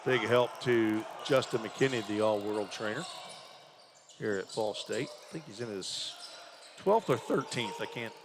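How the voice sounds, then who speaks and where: A man's voice: lowish voice, unhurried. Man, play-by-play basketball caller, chatty, faint gym noise behind. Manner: conversational, thinks aloud about stats. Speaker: play-by-play announcer. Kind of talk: live basketball commentary.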